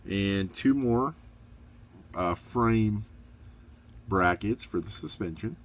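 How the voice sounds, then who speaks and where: Deep-voiced middle-aged man, chatty hobby review. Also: slow. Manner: relaxed, chatty, rambling with fillers; upbeat, encouraging. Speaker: model kit reviewer.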